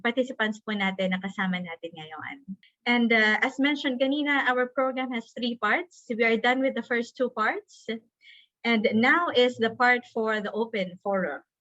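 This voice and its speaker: A Filipino woman hosts a webinar, her voice bright and a little high. She moderates politely, mixing English and Tagalog, over a dry, muffled video call line. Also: no room sound. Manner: polite, uses respectful "po" and fillers. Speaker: webinar host.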